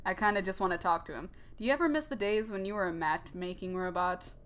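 A young woman hosts a let's play, giving casual commentary on a game in a lowish, slightly bright voice at a fast clip. She giggles, jokes, and drifts into rambling asides.

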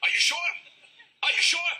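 An actor playing an erratic boss who loudly teases and shouts at an employee in a sitcom. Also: male voice, normal speed, very noisy, natural voice. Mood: taunting. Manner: loud, shouting, teasing. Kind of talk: sitcom acting.

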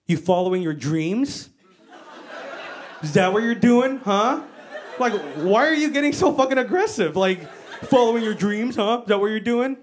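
A woman's voice: medium pitch, lively intonation, moderate pace, a faint crowd, pitched above the performer's own voice, close to an everyday voice. An American woman putting on the voice of a pushy, unimpressed friend who needles with sarcastic questions. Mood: needling.

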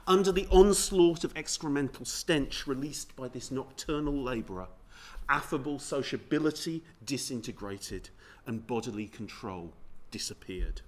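A man giving a history seminar paper, reading in a measured, precise way. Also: medium pitch, lively intonation. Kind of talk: academic lecture read from a script. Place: seminar room.

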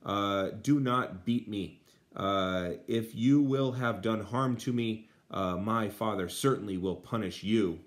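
A man voicing a Roman senator's young son while reading a translation aloud, with some pauses. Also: fairly low pitch. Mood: pleading. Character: boy son of a senator, eager then scared.

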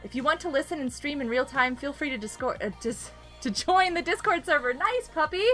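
A woman's voice: high-pitched, expressive, brisk, fairly bright tone, faint music behind. A young woman live-streaming a game, chatting casually and giggling often as she greets viewers.

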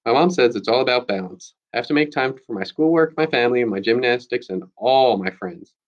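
A man's voice: mid-range voice, expressive, fairly quick, lo-fi sound, natural voice. A man voicing a snide, bossy middle-school girl in a read-aloud chapter book. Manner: mocking, bossy.

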